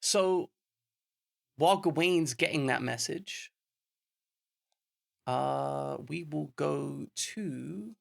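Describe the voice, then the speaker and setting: A man's voice: on the high side, very slow, vocal fry, pauses often. A man running a tabletop game as game master, laughing often and joking at his own expense. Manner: laughs often, self-deprecating.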